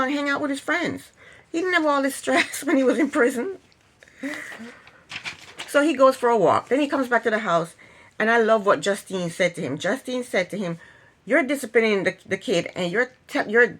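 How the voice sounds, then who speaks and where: A woman's voice: fairly high pitch, a bit bright. A woman casually recapping a reality TV episode, chatty and opinionated, retelling scenes and acting out quotes.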